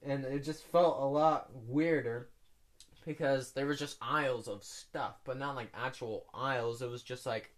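A young man co-hosting a casual podcast, telling a rambling dream story with lots of swearing and sudden loud yells. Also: mid-range voice, fairly even intonation, a little slow. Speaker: podcast co-host. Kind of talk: casual chat.

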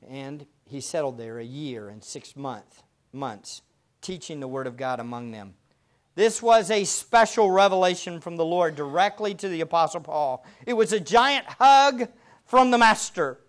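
A man preaching a sermon as pastor, earnest and slowing down to stress quoted verses, often asking the listeners rhetorical questions. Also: fairly high pitch, lively intonation. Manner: asks the congregation rhetorical questions.

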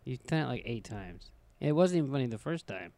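A man's voice: mid-range voice, expressive, a little fast, heavy background noise. A man in casual podcast chat who teases his co-host with short, dry remarks. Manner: dry, teasing interjections.

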